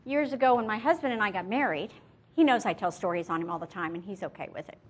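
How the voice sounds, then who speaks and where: A middle-aged woman, an image consultant, giving a lively motivational presentation and addressing her audience directly with stories. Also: mid-range voice, fast talker.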